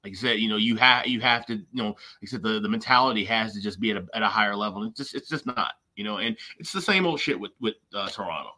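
A man's voice: lowish voice, fast, few pauses, sharp tone. A man co-hosting a hockey betting podcast, talking casually in a rambling way full of fillers. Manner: rambling, many fillers and restarts. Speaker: co-host of a hockey betting show.

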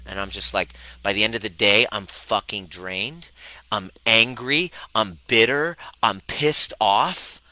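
A man in his thirties giving a live-streamed relationship coaching talk, animated, swearing freely and acting out both sides of conversations. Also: fairly low pitch, measured pace, dry recording, low-quality recording.

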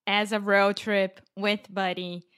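Slow-speaking Brazilian woman. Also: medium pitch, flat delivery, fairly bright tone, clear, resonant tone. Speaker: podcast co-host. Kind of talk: casual chat.

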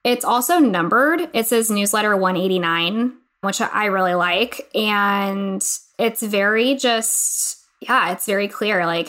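A woman's voice: medium pitch, takes it slowly, a bit bright. Female podcast co-host, casual chat, eager and gushing, reads text aloud.

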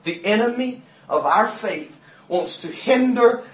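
A male pastor, preaching and retelling a story with animated, shouted peaks. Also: high-pitched, unhurried. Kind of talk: sermon. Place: church sanctuary. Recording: roomy church echo.

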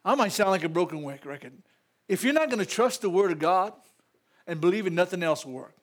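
With a voice that sits high and a fairly quick delivery, a Louisiana-accented Southern pastor preaches to his church. He peppers the sermon with animated call-outs and laughs in asides to the congregation.

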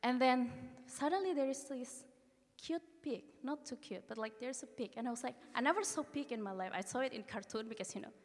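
A woman from Indonesia, telling a personal story on stage in lively, halting English full of restarts. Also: sits high, a little hiss or hum. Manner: animated, halting non-native English with many restarts. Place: live event venue. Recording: live venue with long reverb.

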